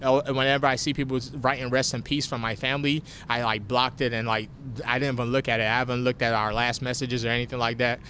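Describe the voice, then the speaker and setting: A man's voice: medium pitch, flat delivery, fast talker, few pauses, pushed and bright, slight background noise. A young man, a fighter, speaking candidly and with emotion in a post-fight interview, sometimes getting choked up. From family from Nigeria. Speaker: fighter interviewed after a win.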